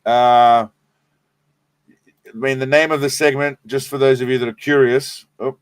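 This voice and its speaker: Play a stoned Australian man hosting a live stream. Keep it loose, profane and rambling, with a mid-pitched voice in a dry, close sound. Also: little pitch movement, measured pace, clear, resonant tone, no echo. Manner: rambling, profane, laid-back. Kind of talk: casual live stream chat.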